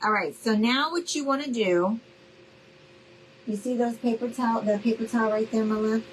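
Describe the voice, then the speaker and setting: A woman's voice: a little high, moderate pace, background noise. A middle-aged woman hosting a casual live crafting demo, chatty and friendly, calling her viewers y'all. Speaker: craft tutorial host.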